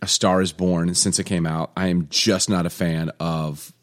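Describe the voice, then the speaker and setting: A man's voice: sits low, little pitch movement, moderate pace. A man in his forties co-hosting a casual chat show with his wife, telling stories in a joking, self-deprecating way. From United States. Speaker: podcast co-host.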